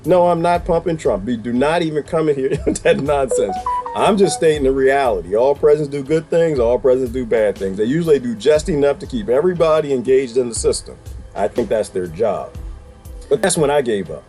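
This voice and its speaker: A man giving casual reaction commentary to a clip, emphatic and animated, throwing out rhetorical questions and laughing as he talks. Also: medium pitch, a little fast, soft background music. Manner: colloquial, laughs while talking.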